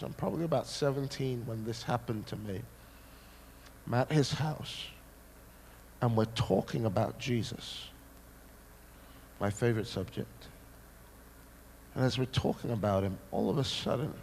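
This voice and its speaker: A man preaching a sermon, telling a personal story with dramatic, animated delivery. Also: mid-range voice, gravelly, slight background noise.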